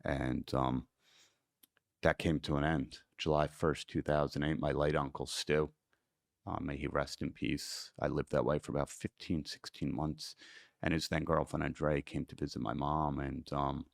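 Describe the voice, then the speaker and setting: Very deep gravelly man telling his story. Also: steady tone, moderate pace, no echo, studio quality. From United States. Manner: earnest, emotional storytelling. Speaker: podcast guest. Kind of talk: personal story in an interview.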